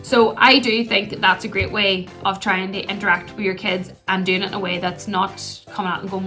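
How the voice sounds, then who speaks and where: Woman, casual teaching tone, mid pitch, soft music bed. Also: flat delivery, brisk, few pauses. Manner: chatty, acts out gentle puppet voices. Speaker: play therapist. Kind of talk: instructional talk to camera.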